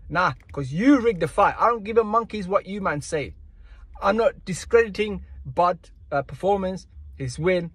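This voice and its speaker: A high, husky male voice delivers an expressive, moderately paced rant about boxing, full of slang and indignation, circling back over the same arguments. The tone is a bit bright, and the sound is close and dry with no echo or room.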